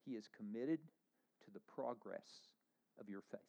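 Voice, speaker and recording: A man preaching a sermon as pastor, earnest, moving between hushed lines and emphatic ones. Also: on the low side, normal speed, creaky.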